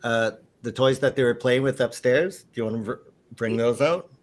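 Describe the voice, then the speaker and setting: A man's voice: medium pitch, normal speed. A man hosting a live paranormal show, guiding the others in a friendly way with many fillers. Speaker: show host.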